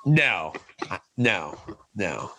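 Bright, lively man reviewing wrestling. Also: fairly low pitch, breathy edge, rough recording. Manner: opinionated, laughs often, quick asides. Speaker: wrestling podcast co-host. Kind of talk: casual chat.

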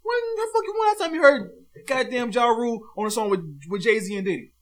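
A man hosting a podcast, chatting loosely with friends, animated and swearing freely. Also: extremely high pitch, a little fast. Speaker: podcast host. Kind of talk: casual chat among friends.

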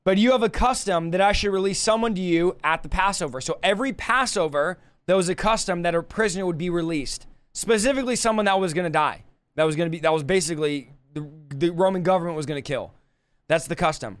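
A man's voice: sits high, fast, smooth, no room sound. A man preaching a sermon with an impassioned, repetitive cadence.

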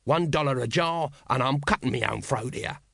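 A man doing a gravelly, wheedling street hawker. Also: medium pitch, moderate pace, fairly bright tone, no echo, clean studio sound. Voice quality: gravelly, husky. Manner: wheedling sales patter. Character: shifty fast-selling male street hawker. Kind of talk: audiobook character voice.

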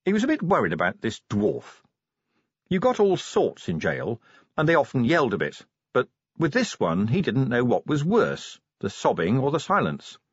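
A man's voice: medium pitch, wildly swooping pitch, moderate pace, husky, no echo, muffled recording. A man narrating a comic audiobook with wry, dry timing.

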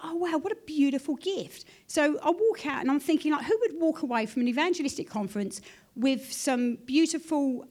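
A woman pastor telling a church testimony in an animated storytelling way. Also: high voice. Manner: animated storytelling, acts out her own quoted prayers.

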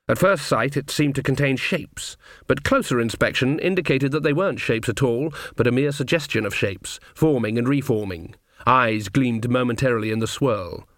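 This male audiobook narrator reads in a measured, wry way at a typical male pitch. The studio recording is close and very dry with no room sound, and his tone is a bit bright.

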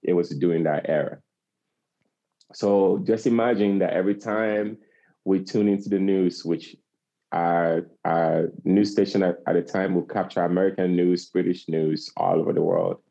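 In a slightly dull lo-fi recording, an African man in his forties gives earnest interview talk, repeating phrases to stress his points with passion. His low, creaky voice has a dark tone, fairly even intonation and a moderate pace.

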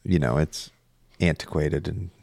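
A man with a low voice tells a long story in an easygoing, rambling way, swearing now and then. The sound is dry and close to the mic, with no room around it. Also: a little slow, vocal fry, darkish tone, dry recording. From Northern California. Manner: rambling storyteller, laid-back and profane. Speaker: podcast co-host. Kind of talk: casual chat.

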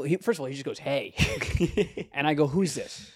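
A man's voice: mid-range voice, normal speed, no echo, studio quality. A young man co-hosting a comedy podcast, telling a rambling story with restarts, profanity and bursts of laughter. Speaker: podcast co-host.

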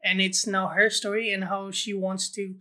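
Bright-voiced podcast co-host talking quickly. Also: medium pitch, level tone. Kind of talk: casual film podcast chat.

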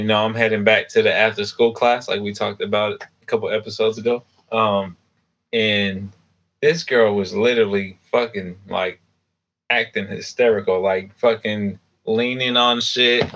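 A man's voice: fairly low pitch, a bit bright. A man co-hosting a casual podcast, slangy and hesitant, laughing often as he tells a story. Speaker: podcast co-host. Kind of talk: casual chat.

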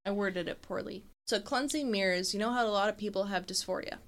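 A woman's voice: medium pitch, quick pace, a bit bright. A tipsy woman co-hosting a podcast, reading ghost stories from a script with laughing asides and the odd swear word, then sliding into loose chat. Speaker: podcast co-host.

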